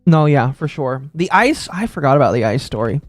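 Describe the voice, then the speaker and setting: A man from Texas streaming live, chatting casually with his audience in a rambling, excitable way that tips into rants. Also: fairly high pitch, dry recording, soft background music. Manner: rambling, excitable, quick to rant.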